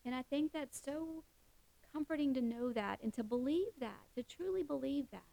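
A woman's voice: sits high, expressive, moderate pace, creaky, mellow, poor audio. A middle-aged woman giving a heartfelt devotional talk, earnest, with many fillers and restarts. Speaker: Christian speaker.

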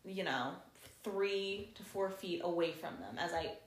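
A woman's voice: lowish voice, measured pace. A young woman, telling a story as a podcast co-host and acting out what people said, laughing often. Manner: animated storyteller, acts out quotes, laughs often. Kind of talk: casual chat, storytelling. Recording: roomy podcast recording.

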